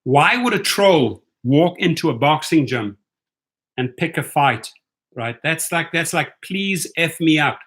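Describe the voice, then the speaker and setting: A man's voice: a little high, lively intonation, measured pace, fairly bright tone. A man with a South African accent hosting a casual live stream, reading out viewer questions and answering them in a chatty, blunt way. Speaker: livestream host answering viewer chat.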